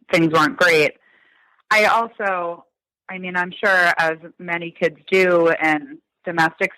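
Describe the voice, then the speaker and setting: This guest on a podcast interview is the son of a crime victim, a man in his thirties from Massachusetts. He speaks reflectively, dotting his speech with ums and likes, in a slightly high, bright, forceful voice. The audio is dry and rough.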